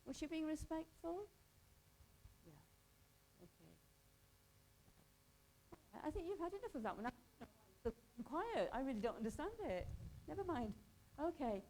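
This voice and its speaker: A woman's voice: high voice, sing-song, measured pace, pauses often, a little mellow, slight background noise, low-quality recording. A woman from Pakistan teaching a hospital volunteer workshop, talking conversationally and quizzing the group in a training room.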